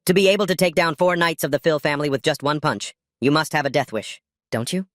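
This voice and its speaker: A man voicing a menacing middle-aged noble father who shouts in rage and dotes on his daughter, in a storybook recap. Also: mid-range voice, lively intonation, fast, dry recording, clean studio sound, natural voice. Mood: furious.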